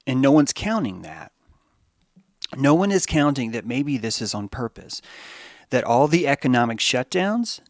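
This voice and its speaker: A man's voice: mid-range voice, dry recording, studio quality. A man hosting a podcast, delivering a rambling, profane monologue commentary. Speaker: podcast host.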